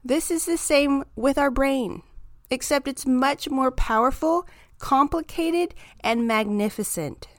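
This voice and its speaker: A woman hosting a self-help podcast, talking through her ideas in a calm, reflective, encouraging monologue. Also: high voice, slow, dry recording, clean studio sound. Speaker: podcast host.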